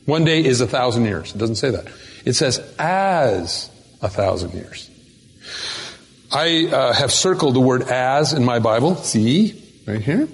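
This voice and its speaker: A man preaching a sermon as pastor, emphatic, slowing down to stress key words. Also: mid-range voice, expressive, a little hiss or hum. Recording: long reverb of a large hall.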